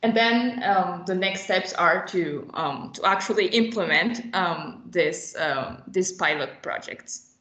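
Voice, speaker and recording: A woman's voice: on the low side, animated, slow, bright, forceful tone, reverberant. A woman co-hosting a webinar who introduces speakers with frequent fillers. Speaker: webinar co-host.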